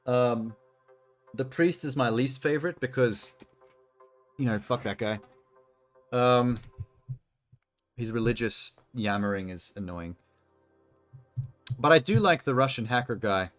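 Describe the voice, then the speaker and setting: A man's voice: mid-range voice, lively intonation, measured pace, long pauses, fairly bright tone, faint music behind. A man casually commenting as he plays a video game on a live stream, chatty and given to swearing and talking to himself. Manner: chatty, profane, self-talking while playing. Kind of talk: casual let's-play commentary.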